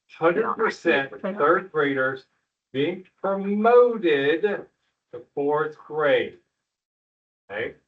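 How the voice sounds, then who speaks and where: A middle-aged man, a school principal, speaks to parents at an evening school meeting in a folksy, joking, reassuring way. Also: a little high. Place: school room with an audience. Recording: distant, muffled room recording.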